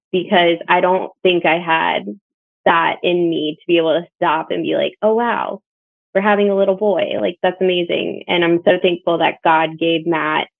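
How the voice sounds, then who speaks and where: Her fairly low, gravelly voice comes through dry on a tinny line that sounds like a phone. She's a young bereaved mother from Northern Virginia, storytelling in a reflective, earnest, conversational manner and quoting people's words back as dialogue.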